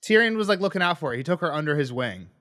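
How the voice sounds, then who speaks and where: A man's voice: on the high side, lively intonation, very fast, pushed and bright, no room sound. A young man co-hosting a podcast, casually and animatedly retelling a book chapter, swearing freely and acting out the characters' lines. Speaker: podcast co-host.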